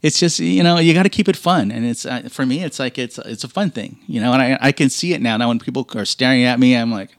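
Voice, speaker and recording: A man's voice: medium pitch, fast, hardly any pauses, no room sound, studio quality. A man on a podcast telling stories about fans and racing, acting out the people he quotes and laughing often. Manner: animated storyteller, acts out quoted voices, laughs often. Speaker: guest racer. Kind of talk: casual podcast chat.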